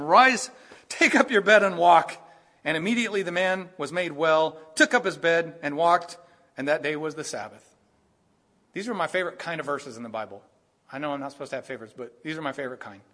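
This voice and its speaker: A man preaching a sermon, animated and acting out the lines he quotes. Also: medium pitch. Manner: animated, acts out quoted voices, rising to bursts of emphasis. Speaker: pastor.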